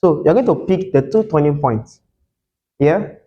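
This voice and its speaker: A man's voice: fairly high pitch, lively intonation, unhurried, muffled recording, slight background noise. A man teaching a whiteboard lesson as a tutor, asking the class questions and repeating key terms for them to answer.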